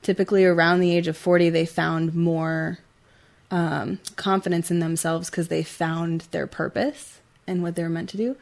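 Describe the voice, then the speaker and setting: A woman's voice: fairly low pitch, level tone, normal speed, vocal fry, a little mellow. A young woman co-hosting a talk show, speaking earnestly in casual chat, full of "like" fillers and getting emotional. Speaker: co-host.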